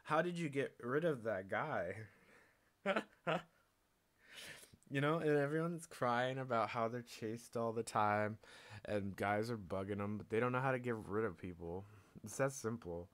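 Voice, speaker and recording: This is a casual ranting monologue from a man streaming alone, his medium-pitched voice unhurried and fairly bright. He's blunt and full of swearing, breaking into laughter often while playing both parts of the exchanges he describes.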